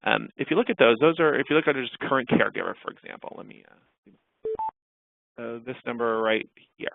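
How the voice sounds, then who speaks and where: A man's voice: mid-range voice, vocal fry, no room sound. A man giving a webinar talk over slides, casual and full of fillers and restarts. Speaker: clinical researcher presenting a webinar. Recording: dry tinny phone-like webinar audio.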